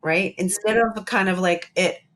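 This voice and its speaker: A woman's voice: mid-range voice, fairly even intonation, unhurried. A woman speaking as a psychologist guest in an interview, earnest and emphatic, often repeating her key points. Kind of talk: interview conversation.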